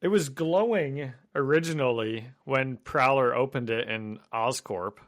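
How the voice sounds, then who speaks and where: A man in a relaxed podcast chat, making wry and matter-of-fact comments. His voice sits at a middling pitch, and his delivery stays easygoing and conversational. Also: unhurried. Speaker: podcast co-host, teacher. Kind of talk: casual chat.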